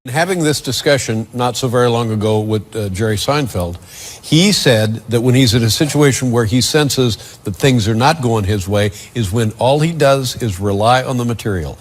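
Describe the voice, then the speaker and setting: A male talk show host puts measured, probing questions to his guest in an even, mid-pitched voice. There is some faint noise under the recording. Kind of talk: interview.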